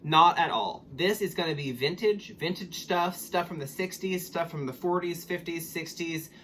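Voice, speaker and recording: A chatty middle-aged man with a drawl talks to his vlog viewers, wandering from point to point with ums and asides. His voice sits a little high for a man, and there is a faint hum behind him. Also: normal speed, a bit bright. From Oklahoma, USA. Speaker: estate liquidator and reseller. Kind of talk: casual vlog talk to camera.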